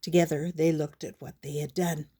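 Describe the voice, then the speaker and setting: An older woman reading a children's picture book aloud in a gentle, measured storybook manner. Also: sits low, flat delivery, slightly rough.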